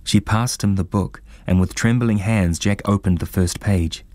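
Male audiobook narrator, very low voice, dry close sound, measured reading. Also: warm tone, dry recording.

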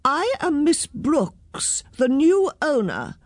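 A woman voicing a stern, haughty grown woman in a storybook, speaking slowly and firmly. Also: high-pitched, huge pitch swings, a little mellow, no echo, clean studio sound, pitched above the performer's own voice, exaggerated voice. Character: stern grown woman, new house owner.

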